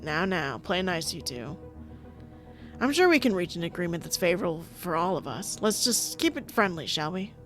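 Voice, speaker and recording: A woman voicing a calm young man who soothes a tense standoff in a game. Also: fairly low pitch, moderate pace, soft background music. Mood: placating. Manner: calm, placating.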